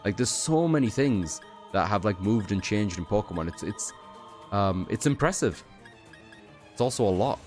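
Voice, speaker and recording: A tired young man chats through a video game, slightly low-pitched and rambling, tossing in fillers and offhand swears. Faint game music plays underneath him. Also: animated, moderate pace, darkish tone. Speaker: streamer. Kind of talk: casual gameplay commentary.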